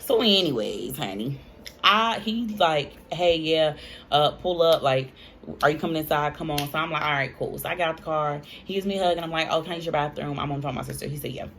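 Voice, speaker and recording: A young woman, telling a casual storytime to her viewers in an animated, chatty way. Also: deep voice, brisk, slight background noise. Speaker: vlogger.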